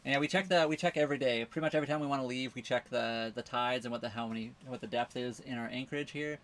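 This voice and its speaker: A man's voice: mid-range voice, racing, fairly bright tone. A man co-hosting a casual livestream from his sailboat, answering viewer questions in a rambling way, full of fillers and restarts. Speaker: livestream co-host living on a sailboat.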